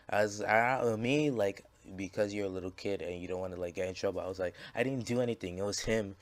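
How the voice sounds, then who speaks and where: A man's voice: low voice, fairly quick, hardly any pauses. A man casually telling a story over gameplay, rambling and swearing, with lots of fillers and restarts. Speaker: gaming channel creator.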